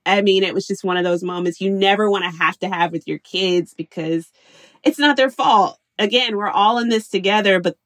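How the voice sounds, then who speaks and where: This is a woman in her thirties telling candid stories about working from home with her kids. She is animated and laughs often, and she acts out what she said back then. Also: mid-range voice, moderate pace. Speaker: interview guest, working mother. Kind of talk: candid storytelling.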